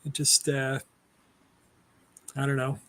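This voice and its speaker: A man's voice: mid-range voice, completely flat delivery, slow pace, fairly bright tone. A man co-hosting a casual movie podcast, blunt and opinionated and laughing often. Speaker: podcast co-host.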